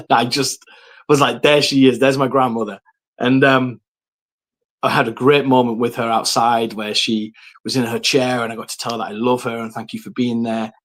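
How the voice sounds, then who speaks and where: A man telling his personal faith story, earnest and reflective, with frequent pauses and ums. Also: medium pitch, level tone.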